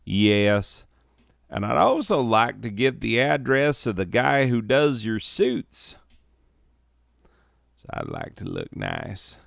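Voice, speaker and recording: A man's voice: on the low side, huge pitch swings, slow, vocal fry, long pauses, no room sound, clean studio sound, pitched above the performer's own voice, heavily acted. A man voicing an awkward, apologetic redneck with a light put-on Southern twang. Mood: sheepish. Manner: drawling, folksy.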